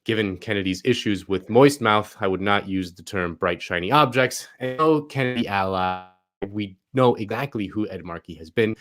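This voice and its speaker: A man hosting a political talk show speaks in a deep, low register. His delivery is wry and sarcastic, full of quick asides and offhand digs. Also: a bit bright. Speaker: host. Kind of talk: political commentary.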